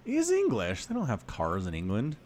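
Animated American man, very lively pitch. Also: moderate pace, a little hiss or hum. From United States. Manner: animated, teasing, laughs often. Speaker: podcast co-host. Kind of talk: casual podcast chat.

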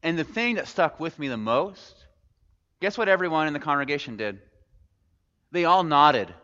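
Fairly high-pitched and a touch fast, a male pastor gives an informal sermon, repeatedly questioning the congregation and throwing in plain jokes. The large church hall adds lots of reverb, and the audio sounds somewhat dull and muffled.

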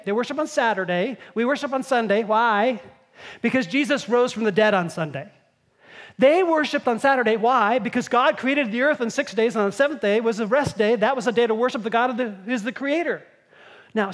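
A pastor giving a conversational sermon, explaining scripture and acting out the scenes. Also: medium pitch. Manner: conversational, explanatory preaching with acted-out quotes.

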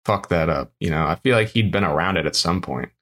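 A man's voice: low-pitched, expressive, a little fast, fairly bright tone. A man chatting casually about movies, adding dry, wry remarks.

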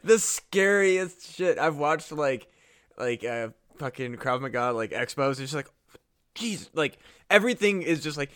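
A man on a casual comedy podcast with a bright, sharp voice pitched a little high. He rambles through his points, leaning on filler words and swearing freely. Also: lively intonation, unhurried. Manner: rambling, profane, heavy use of "like". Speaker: podcast co-host.

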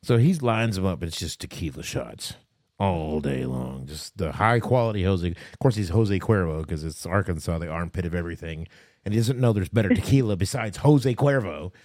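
A middle-aged man hosting a podcast, telling a story in a lively, animated way. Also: sits low, normal speed, no echo, clean studio sound.

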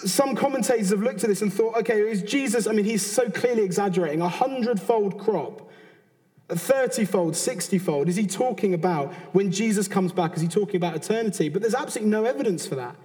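A British man in his thirties, speaking with a British accent, preaches a sermon in an earnest, conversational way, often restarting and throwing in asides. His voice is high, animated, fast and dark in tone. The recording carries a long hall reverb.

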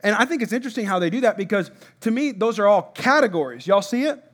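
High-voiced casual male preacher. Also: big pitch swings, quick pace. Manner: conversational, repetitive, asks congregation to respond. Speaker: pastor. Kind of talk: sermon.

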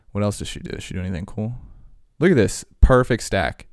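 Casual male host, low-pitched, dry sound, loose and chatty delivery. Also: sing-song, fairly quick, creaky, no echo. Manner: loose, chatty, lots of fillers and asides. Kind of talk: casual rambling chat.

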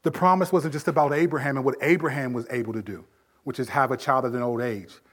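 Speaking fast and with a steady tone, a pastor delivers a sermon. His volume surges abruptly for emphasis, and he lowers his voice when making a point.

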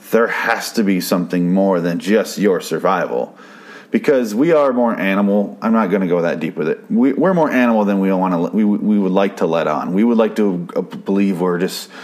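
A man's voice: lowish voice, a little mellow. A man casually recapping a TV episode, rambling and swearing freely with frequent restarts.

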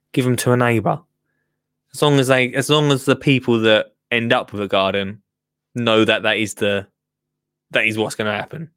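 A man chats casually while reacting to a gardening clip, joking and rambling with plenty of asides. His voice is lowish with a fairly bright tone, and the studio recording is clean with no echo.

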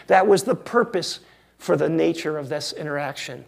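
A male pastor preaching a sermon in a wry, conversational way with emphatic pauses. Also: on the high side, vocal fry.

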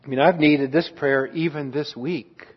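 A man preaching an earnest, reflective sermon on a psalm as a pastor, trailing off softly at times. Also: on the high side, fairly even intonation, moderate pace, husky. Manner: earnest, reflective, with restarts and soft trailing endings. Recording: dull lo-fi sound.

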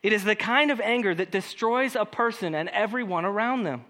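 A man's voice: sits high, a little fast. A male pastor preaching a conversational sermon, acting out quoted lines and speaking directly to the congregation. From California. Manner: conversational, animated, acts out quoted voices.

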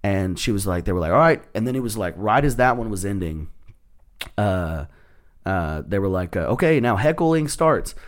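A man's voice: deep voice, normal speed. A man, a stand-up comedian, telling stories on a podcast in a loose, profane, laughing way. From Texas. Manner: profane, laughing, animated retelling. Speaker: guest comedian. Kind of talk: casual podcast storytelling.

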